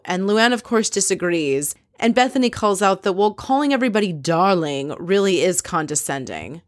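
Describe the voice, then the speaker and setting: A woman's voice: mid-range voice, lively intonation, fairly quick, few pauses, no echo, clean studio sound. A woman casually recapping a reality show episode, opinionated and candid, swearing freely as she quotes what others said.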